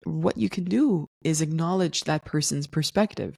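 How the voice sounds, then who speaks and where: Lady podcast host, deep voice with some fry, calm teaching vibe, dry room. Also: normal speed, no room sound. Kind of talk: solo podcast talk.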